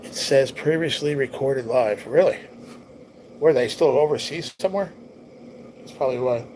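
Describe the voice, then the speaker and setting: A man's voice: mid-range voice, moderate pace, a little mellow, a little hiss or hum, low-quality recording. A man hosting a casual livestream, chatting in an easygoing, rambling way and reading viewer comments aloud, his nose stuffy and his voice tiring. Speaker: livestream host.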